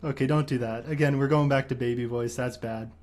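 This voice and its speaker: Fast-talking teasing young man. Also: medium pitch, fairly even intonation, a little mellow. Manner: teasing, quick questions, mock-lecturing. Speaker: streamer host. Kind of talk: casual stream chat.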